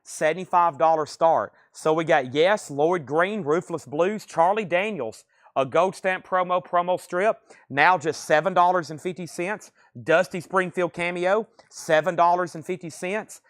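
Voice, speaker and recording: Male auctioneer, brisk sales patter, slightly high voice. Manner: brisk salesman patter, calling prices and bids. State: out of breath. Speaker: livestream record auctioneer. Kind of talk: live sales stream patter.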